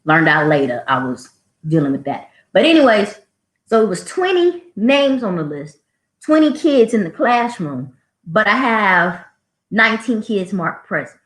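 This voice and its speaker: A woman who works as a school administrator, hosting a casual show and telling stories in a snarky, animated way. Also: medium pitch, measured pace. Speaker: podcast host, school administrator. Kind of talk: casual storytelling. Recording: roomy echo.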